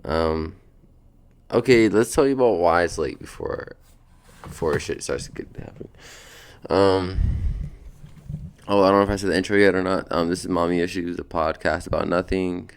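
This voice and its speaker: A man's voice: low-pitched, normal speed, clear, resonant tone. A sleepy young man hosting a podcast from a beanbag at home, chatting in a laid-back, rambling, slangy way. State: sleepy, just woken up. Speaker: podcast host. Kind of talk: casual rambling podcast chat.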